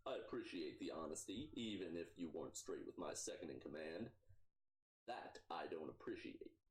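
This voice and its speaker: A man voicing a gaunt, intense male vampire gang boss in a game, speaking slowly and with quiet menace. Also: animated. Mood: cool. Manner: slow, low, measured, quietly menacing.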